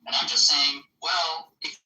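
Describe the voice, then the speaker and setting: A man's voice: fairly high pitch, little pitch movement, measured pace, pushed and bright, a little hiss or hum. A man in a heated group voice chat, rambling and insisting on his point. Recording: echoey, distant from the mic.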